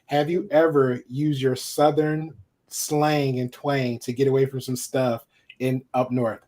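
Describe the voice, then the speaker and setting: A man from Alabama telling a story in a rambling, relaxed way on a casual podcast. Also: medium pitch, unhurried. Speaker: podcast co-host. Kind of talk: casual chat.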